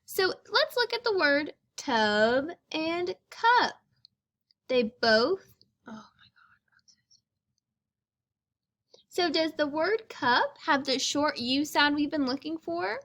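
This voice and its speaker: A woman's voice: sits high, very animated, fairly bright tone. A woman teaching a phonics lesson to young children, stretching out each sound and asking encouraging questions. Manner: slow, drawn-out sounding out of words; encouraging, sing-song questions.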